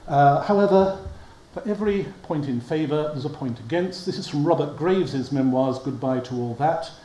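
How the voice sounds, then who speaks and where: A man's voice: on the high side, expressive, moderate pace, warm tone. A man giving a history lecture to an audience, wry and prone to chuckling at his own asides. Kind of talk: public lecture. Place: lecture hall. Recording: echoey hall with faint hum.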